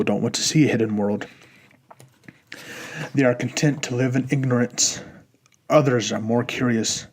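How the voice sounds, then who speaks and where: A man narrating an audiobook in a measured, even storytelling manner. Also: medium pitch, creaky, husky.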